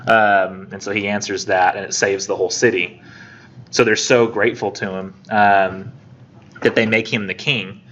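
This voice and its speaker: A man's voice: fairly low pitch, steady tone, a bit bright. A man teaching a college English class in a casual lecture, chatty and acting out the characters' lines as he retells the story. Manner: chatty, acts out characters' lines in quick voices. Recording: muffled classroom recording with faint noise.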